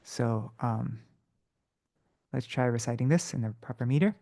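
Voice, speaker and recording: A man teaching Sanskrit verse meter in a relaxed, casual way, correcting himself, chuckling, and chanting syllables slowly. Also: medium pitch, vocal fry. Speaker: devotional study teacher.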